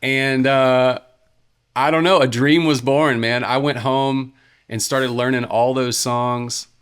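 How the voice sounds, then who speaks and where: A man's voice: mid-range voice, steady tone, slow, a bit bright, smooth. A man, a worship leader, telling his story as a podcast guest in an earnest, casual way with many "you know"s and restarts.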